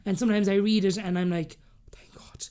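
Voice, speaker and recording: A woman in her thirties with an Irish accent who talks very fast. She tells her story in a lively, candid way and slips into the voices of the people she quotes. Her voice sits in a middle range. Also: mid-range voice. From Ireland. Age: 30s. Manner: rapid, animated, acts out quoted dialogue. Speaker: podcast guest.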